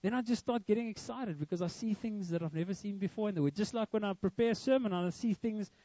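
A man's voice: sits high, quick pace, warm tone, no echo, lo-fi sound. A young man preaching a sermon, earnest and emphatic, with a lot of repetition. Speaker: pastor.

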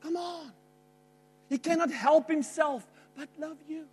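A middle-aged man preaching a sermon, emphatic, jumping from loud outbursts to quiet asides. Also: very high-pitched, measured pace. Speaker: pastor.

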